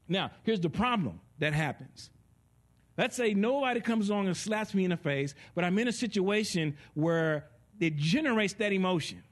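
Animated high-voiced preacher man. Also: moderate pace. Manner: animated, with sound effects and laughter. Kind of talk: sermon teaching.

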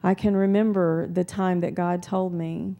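A woman preaching a sermon in a calm, conversational way, weaving in personal stories. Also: fairly low pitch, a little slow, lo-fi sound.

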